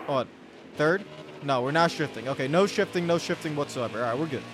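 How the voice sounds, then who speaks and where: With lively intonation and a slightly high pitch, a man speeds through commentary on his own racing gameplay. The gaming channel host rambles and interrupts himself in frustrated rants, with background noise from game music and car engines.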